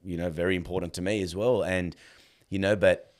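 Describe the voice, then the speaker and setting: A man in his thirties, guesting on a podcast, tells casual stories in a low, brisk voice. He's animated, acts out the dialogue, and says "like" and "bro" a lot.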